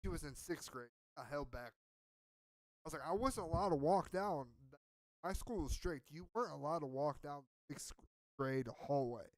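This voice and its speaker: Male podcaster, casual profane storyteller, a bit high-voiced, dry close sound. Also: animated, moderate pace, no room sound. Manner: profane, rambling, self-mocking. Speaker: podcast co-host.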